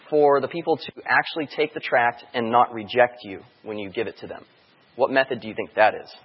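Husky-voiced man speaking in a reverberant hall. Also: medium pitch. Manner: anecdotal, chatty, quizzes the room. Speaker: church outreach speaker. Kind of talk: live talk to an audience with questions. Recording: dull sound in a long-reverb hall.

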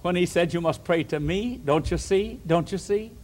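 A man voicing a faithful male prophet who answers calmly and firmly. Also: sits high, moderate pace. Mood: steadfast.

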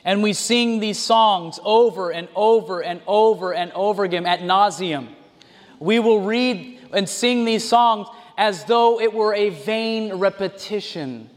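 A man preaching a sermon, animated, with mocking asides and mimicry. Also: high voice, unhurried. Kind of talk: sermon with impressions and sung examples. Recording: long hall reverb.

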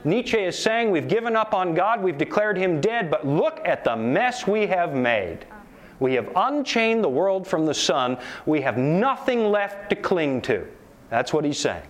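A male preacher delivering a lively sermon, often asking his audience rhetorical questions. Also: high voice, a little slow. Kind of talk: sermon lecture to a live audience.

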